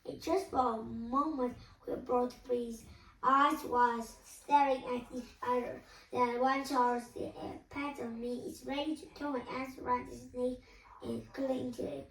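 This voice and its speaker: High-voiced woman reading a story slowly. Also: fairly even intonation, gravelly. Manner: slow, emotional storytelling. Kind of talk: first-person story reading. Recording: echoey room, voice from a distance.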